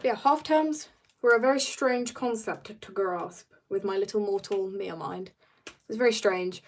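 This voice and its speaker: A teenage girl from South Africa, a little husky from being ill, rambling playfully as she greets viewers and chats while drawing on a live stream. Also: mid-range voice, brisk, darkish tone. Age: teens. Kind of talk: casual live-stream chat.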